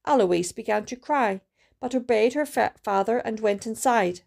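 Lady reading a kids story out loud, bit of vocal fry, careful and steady. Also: fairly high pitch, moderate pace. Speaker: student reader. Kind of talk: storybook read-aloud.

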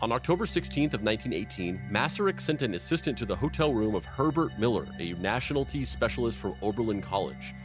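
A man's voice: lowish voice, animated, fast talker, hardly any pauses, over music. A man hosting a comedic history podcast, narrating events and breaking off into playful, silly tangents.

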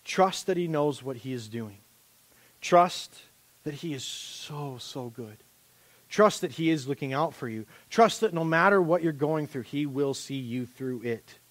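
High-voiced animated male preacher. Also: unhurried. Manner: animated, rising to loud impassioned preaching; conversational and joking with a volunteer. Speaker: pastor. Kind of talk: sermon.

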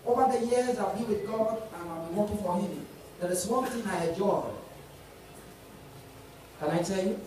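A Nigerian pastor preaching a sermon, often asking the congregation questions to get them to respond. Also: male voice, high voice, moderate pace, pauses often. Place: church hall. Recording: echoey church hall, mic at a distance, faint hiss.

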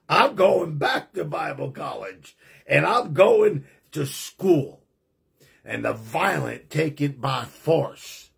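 Man, preacher, testimony sermon, fervent, emphatic, raspy breathy voice, slightly high pitch. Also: very animated, slow pace, fairly bright tone.

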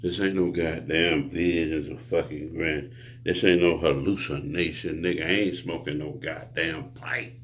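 A man's voice: a bass voice, fairly even intonation, measured pace, a bit bright, slight background noise. A man preaching a rambling monologue to his viewers, grandiose and profane, lecturing the listener. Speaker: self-styled preacher.

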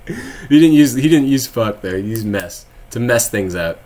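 A man's voice: medium pitch, animated, moderate pace, a little mellow. Rambling, sarcastic male streamer from Texas. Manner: rambling, laughs often, sarcastic asides. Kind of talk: casual live-stream chat reading viewer comments.

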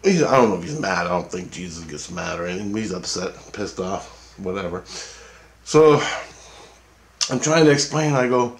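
A man's voice: low-pitched, expressive, moderate pace, pauses often. A man telling a long dream story in a rambling, profane way, often checking in with "okay?". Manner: profane, repetitive, keeps asking "okay?". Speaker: vlogger recounting a dream. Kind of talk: rambling casual monologue.

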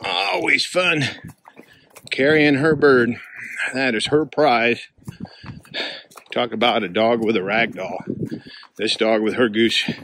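A man vlogging outdoors on a hunting trip, chatting casually and coaxing his dog along in a fond, high, sing-song voice. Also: slow pace, creaky, pauses often, fairly bright tone, a little hiss or hum. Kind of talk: casual outdoor vlog narration. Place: outdoors by a river in the wind.

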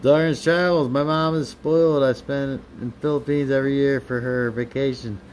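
A man's voice: mid-range voice, steady tone, moderate pace, darkish tone, a little hiss or hum. Man chatting casually on a live stream. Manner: reads viewer comments aloud and answers them; playful, teasing banter.

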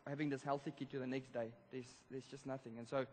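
A male pastor telling a story in a sermon, animated, swinging between loud emphasis and hushed moments. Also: mid-range voice, quick pace. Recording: long church hall reverb.

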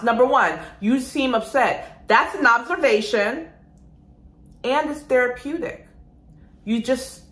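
A woman nursing instructor giving an energetic exam-prep lecture, calling the students "guys" and asking and answering her own questions. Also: mid-range voice, echoey room.

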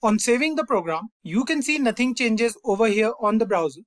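A young man hosting a coding tutorial, calmly walking through each step and often saying "fine" and "over here". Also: high-pitched, brisk, no echo. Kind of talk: screen-recorded coding lesson.

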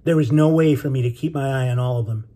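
Male author-narrator, husky and dark, measured audiobook storytelling. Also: medium pitch. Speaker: author reading his novel. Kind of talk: scripted narration.

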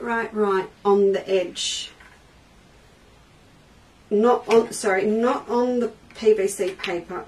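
A woman's voice: medium pitch, a little mellow, far from the mic, poor audio. A woman hosts a live crafting lesson from her studio, chatting with viewers and reading their comments aloud as she works. She speaks unhurriedly and sits a little back from the mic. A faint background noise runs under her voice. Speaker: quilting shop host.

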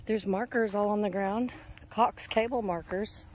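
On a walk along a neighborhood road, a woman vlogs casually into her handheld phone camera, a little out of breath. Her mid-range voice is darkish, fairly even and a little slow, with slight background noise.

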